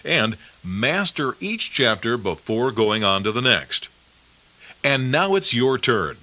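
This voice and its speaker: Bright-voiced male course announcer. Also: medium pitch, takes it slowly. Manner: polished, even announcer delivery. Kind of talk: scripted promotional narration.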